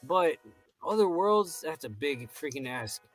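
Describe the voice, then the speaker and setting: Male co-host, pitch swinging up and down, casual and profane, faint music bed. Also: very animated. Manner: loose, swearing, quick reactions. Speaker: podcast co-host. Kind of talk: casual recap chat.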